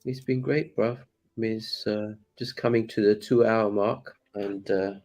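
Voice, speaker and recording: A man's voice: lowish voice, steady tone, unhurried, a little mellow. A man hosting a casual conversation, using friendly slang while wrapping up. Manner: friendly slang, thanking guest. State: coughing. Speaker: host.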